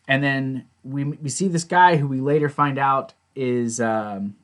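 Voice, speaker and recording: A man's voice: mid-range voice, unhurried. Chatty man recapping a TV episode. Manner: chatty, retells scenes by quoting characters; blunt opinions with casual swearing. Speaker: TV show reviewer.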